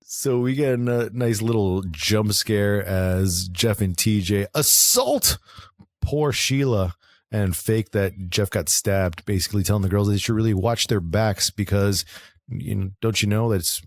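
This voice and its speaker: A man's voice: fairly low pitch, measured pace, dry recording, studio quality. A man co-hosting a podcast, recapping a horror film in casual chat, swearing freely and laughing often. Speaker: podcast co-host. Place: moved to Southern California.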